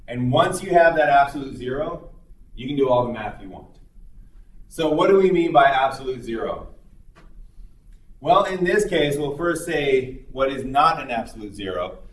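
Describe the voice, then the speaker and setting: A man lecturing in a classroom in a relaxed, conversational way. He speaks at a middle pitch, trails through fillers and acts out small dialogues. The recording is roomy, with the mic set well back from him. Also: normal speed, far from the mic. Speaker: psychology lecturer.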